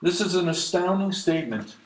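A man preaching an expository sermon, reading scripture aloud and commenting on it, slowing down to stress key lines. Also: high-pitched, animated, a little hiss or hum. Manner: reads verses aloud then comments, slows for emphasis. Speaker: pastor. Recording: echoey room.

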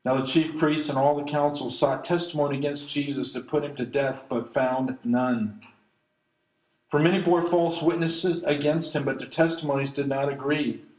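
A man's voice: fairly high pitch, steady tone, darkish tone. Man preaching in an echoey room. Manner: reads verses aloud then comments, slows for emphasis. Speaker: pastor. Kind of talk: expository sermon reading scripture.

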